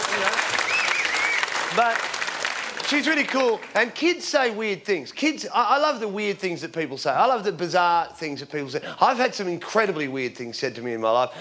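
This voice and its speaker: A man's voice: a little high, very noisy. Australian man in his forties, stand-up. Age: 40s. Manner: rambling deadpan storytelling with sudden shouted punchlines. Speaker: stand-up comedian. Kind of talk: stand-up comedy. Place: theatre stage with live audience. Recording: live show with loud crowd laughter.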